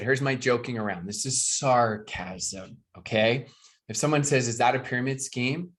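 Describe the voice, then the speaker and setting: Upbeat American man coaching over a video call. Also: mid-range voice. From United States. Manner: energetic, joking, asks the audience questions. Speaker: network marketing trainer. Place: speaking to a live video call audience.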